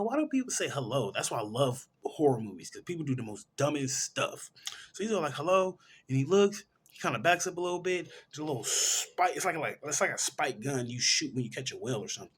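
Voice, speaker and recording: A man reviewing a film, retelling the plot in a casual, animated way and correcting himself as he goes. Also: a little high, slightly rough. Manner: animated storytelling, correcting himself mid-sentence. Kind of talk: casual movie plot recap.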